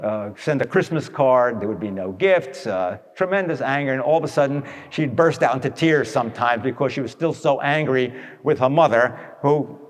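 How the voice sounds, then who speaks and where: A radio speaker known for advice talks tells folksy stories in a large hall, his voice medium-pitched and his pace normal. He speaks directly to his listeners in a conversational way and acts out what people said.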